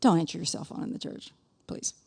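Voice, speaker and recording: A woman's voice: a little fast, darkish tone. Folksy woman teaching at church. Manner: folksy, laughing asides, quotes scripture. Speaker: speaker at a church gathering. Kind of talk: sermon-style teaching.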